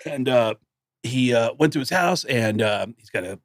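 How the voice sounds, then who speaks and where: A middle-aged man co-hosting a casual podcast, telling stories in an animated way and acting out the people in them. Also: mid-range voice, normal speed, dry recording, studio quality. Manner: animated storyteller acting out voices. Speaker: podcast co-host. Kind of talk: casual chat.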